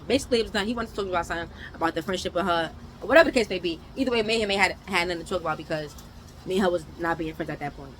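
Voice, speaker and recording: A young woman from New York telling a casual storytime, animated, with loud outbursts and mumbled asides. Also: fairly low pitch, rapid-fire, a little hiss or hum, rough recording.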